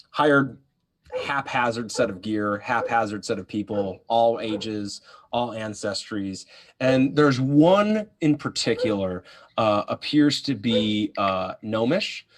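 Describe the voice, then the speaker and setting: A man running a live tabletop role-playing game as game master, narrating scenes in a casual, loose way. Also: on the low side. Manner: casual, swears, voices characters.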